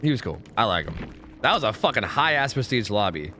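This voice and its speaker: A young man streaming a game, chatting casually with his viewers, swearing freely and trailing into quick asides. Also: lowish voice, very animated, bright, forceful tone, a little hiss or hum. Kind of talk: casual gaming commentary.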